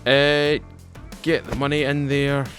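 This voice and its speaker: A man's voice: mid-range voice, level tone, takes it slowly, fairly bright tone, faint music behind. A man with a Scottish accent giving casual, rambling commentary to his viewers while playing a game, often repeating and restarting his phrases. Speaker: gaming YouTuber.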